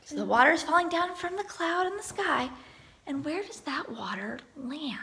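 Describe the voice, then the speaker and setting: High, lively woman teaching little kids. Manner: encouraging, sounds words out slowly. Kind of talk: online lesson for young children.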